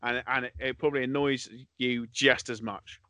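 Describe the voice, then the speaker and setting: A man's voice: mid-range voice, steady tone, moderate pace, noisy background. A man co-hosting a comedy podcast, exasperated and swearing, often restarting his sentences. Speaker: podcast co-host. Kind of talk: bickering comedy podcast banter.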